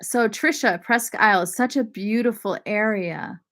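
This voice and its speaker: A woman from Maine hosting a casual livestream, chatting warmly with viewers, often apologizing and laughing as she reads their comments. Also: medium pitch, normal speed. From Maine, USA. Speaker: lifestyle channel host.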